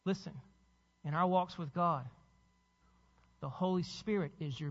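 A man's voice: high voice, unhurried, big-room sound, muffled recording. A man preaching a sermon as pastor, urging his congregation with repeated rhetorical questions.

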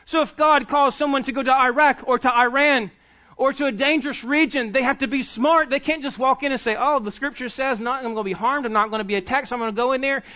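A man's voice: extremely high pitch, fast talker, bright, forceful tone, dull audio. A man preaching a sermon as pastor, emphatic and urging his congregation to listen closely. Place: church sanctuary.

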